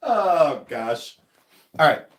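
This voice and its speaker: Animated joking man livestreaming from home. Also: on the high side, extremely slow. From United States. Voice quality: animated and joking, laughs often. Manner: loud, calls out from across the house. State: runny nose. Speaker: livestream host. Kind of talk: casual livestream chat. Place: home, moving between rooms.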